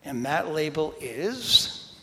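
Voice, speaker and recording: A man preaching a sermon, telling animated stories, talking straight to the congregation and dropping to a whisper for emphasis. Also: a little high, slow pace. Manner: animated storytelling, talks to the congregation directly. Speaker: pastor. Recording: long reverb in a large hall.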